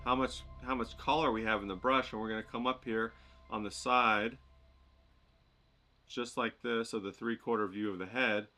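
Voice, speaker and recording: A man's voice: medium pitch, fairly even intonation, normal speed, bright, forceful tone, soft background music. A man teaching a watercolor painting demo, chatting and thinking aloud as he paints. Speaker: watercolor instructor.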